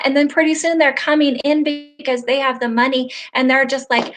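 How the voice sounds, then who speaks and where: A woman's voice: sits high, fairly even intonation, moderate pace, a bit bright, a little hiss or hum. A woman hosting a live online interview, telling stories in an earnest, heartfelt way that grows emotional, heard over a video call. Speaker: host.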